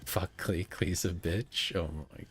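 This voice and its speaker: A man's voice: low-pitched, fairly even intonation, takes it slowly. A man chatting casually with his stream audience, rambling and stop-start as he reads out the chat. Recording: faint music behind.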